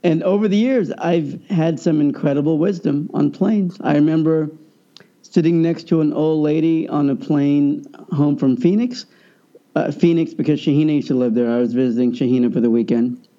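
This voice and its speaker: A man telling a personal story in a casual conversation, animated and acting out the people he quotes. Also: on the high side, moderate pace. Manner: animated, acts out quoted voices. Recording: dull lo-fi sound.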